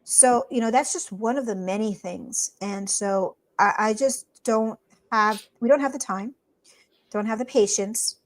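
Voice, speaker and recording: A woman co-hosting a podcast, talking in a blunt, emphatic and animated way. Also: mid-range voice, a little slow. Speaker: podcast co-host. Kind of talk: casual chat.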